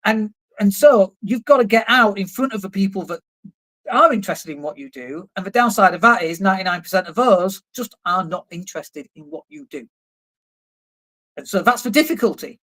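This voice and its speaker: A man's voice: sits high, lively intonation, normal speed, fairly bright tone. Blunt, emphatic man on a livestream. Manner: blunt, emphatic, swears casually, mocks objections in put-on voices. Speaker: marketing coach and live streamer. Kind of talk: casual livestream talk. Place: indoors at a computer, living in Spain.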